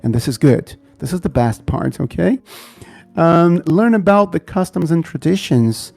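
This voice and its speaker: A Brazilian man who speaks Portuguese as his first language, teaching an online English class in a slow, repetitive way and often checking in with "okay?" and "right?". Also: a little high, expressive, creaky, a little mellow.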